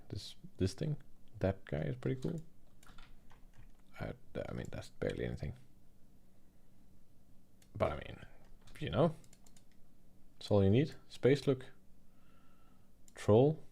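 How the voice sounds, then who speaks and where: Deep gravelly man chatting on stream. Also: dark tone. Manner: rambling, joking, laughing and swearing. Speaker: livestream host and digital artist. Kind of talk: casual chat on a livestream.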